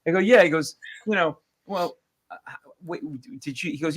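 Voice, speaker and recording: A man, a comedian, telling stories on a radio show and acting out the people in them. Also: normal speed. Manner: animated storyteller, acts out quoted people in rising pitch. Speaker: comedian guest.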